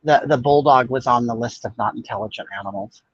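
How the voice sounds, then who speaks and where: A man's voice: medium pitch, fast, breathy edge. An older man hosting a casual livestream chat, talking in a sassy, blunt, gossipy way and answering viewers' comments. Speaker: livestream host. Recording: dull, muffled dry audio.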